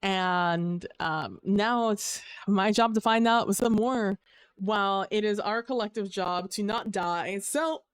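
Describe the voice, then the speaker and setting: A young woman chats upbeat and loose on a live stream, drifting from thought to thought with plenty of ums and restarts. Her voice is smooth and clean, and the sound is dry and close with no room around it. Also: medium pitch, takes it slowly, dry recording. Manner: rambling, upbeat, full of fillers and restarts. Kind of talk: casual live-stream chat.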